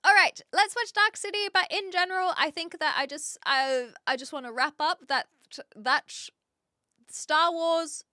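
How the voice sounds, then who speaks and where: A woman's voice: extremely high pitch, a little slow, pushed and bright, dry recording, studio quality. A young woman live streamer chatting casually with viewers, laughing often as she talks.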